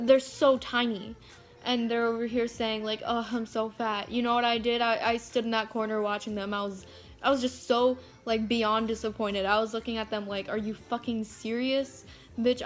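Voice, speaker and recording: A teenage girl vlogging to her phone camera, chatty and frank, swearing freely and filling her talk with "like". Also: fairly high pitch. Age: teens. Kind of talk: casual rant to camera.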